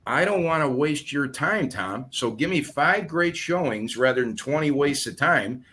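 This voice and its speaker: A man's voice: a little high, lively intonation, normal speed, bright, forceful tone. A man who sells real estate, explaining his methods in a podcast chat and acting out phone calls as he goes. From southern United States. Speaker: guest real estate agent.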